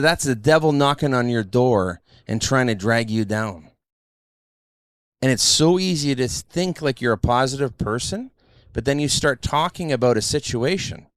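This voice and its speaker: A middle-aged man hosting a podcast shares stories in easygoing conversation, animatedly voicing what others said. The recording is dry and of studio quality, and his voice is mid-range.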